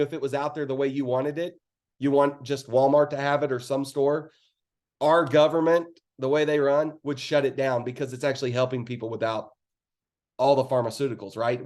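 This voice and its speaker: A man's voice: on the high side, a little mellow. A man telling his team a candid, earnest story of starting his business, with plenty of fillers and acted-out quotes, over a call. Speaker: network marketing speaker.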